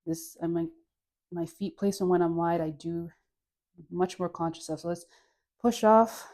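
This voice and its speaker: A woman with a Caribbean accent leading a guided dance class, relaxed and playful, counting moves and sighing through deep breaths. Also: moderate pace. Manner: playful, laughs at her own jokes. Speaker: dance instructor.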